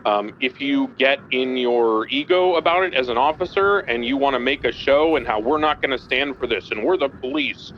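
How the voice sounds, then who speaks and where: A man's voice: medium pitch, normal speed, hardly any pauses. Blunt guy running cop training in a roleplay, swears a bit, muffled mic, light hiss. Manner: blunt, emphatic, swears casually. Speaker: senior police instructor in a roleplay game. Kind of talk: briefing trainees in a game roleplay.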